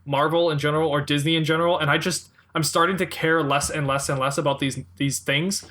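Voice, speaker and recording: Guy co-hosting a pop culture podcast, kinda high bright voice, rambly and animated, laughs a lot. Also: a little fast. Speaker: podcast co-host. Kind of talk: casual pop-culture chat.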